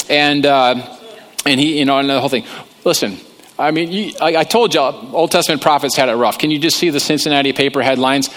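Male pastor, fairly high voice, jokey self-deprecating sermon delivery. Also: fast talker, fairly bright tone. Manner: joking, conversational, self-deprecating. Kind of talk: humorous sermon.

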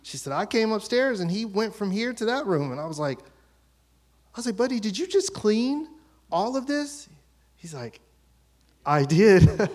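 A man in his thirties preaching a sermon as pastor, telling a story about his children and acting out their voices. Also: high-pitched.

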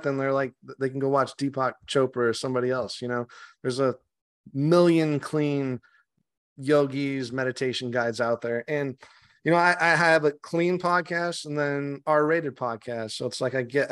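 This man has a clear, resonant mid-range voice with a bit of brightness. He's a meditation guide appearing as a podcast guest in a casual interview chat, swearing freely and frequently restarting his sentences.

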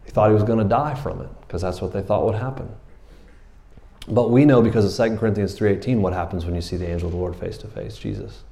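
Animated casual-talking male pastor. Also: on the low side, quick pace, vocal fry. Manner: casual, animated storytelling with slang and laughter. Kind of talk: sermon.

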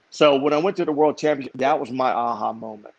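A man with a gravelly, creaky voice, speaking as an interview guest who tells his stories with lively energy and repeats phrases for emphasis. The sound is dry and a little muffled, like a lo-fi recording. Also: mid-range voice, dry recording. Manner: animated, repeats himself for emphasis. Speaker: guest, business owner. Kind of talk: conversational storytelling. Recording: dry, slightly dull lo-fi sound.

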